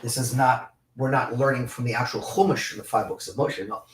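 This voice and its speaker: A man teaching a live-streamed Torah class, reading Hebrew passages and explaining them in English with lively, repeated restarts. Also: medium pitch, fairly quick, roomy sound, distant mic, slight background noise. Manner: animated, with many repeated restarts.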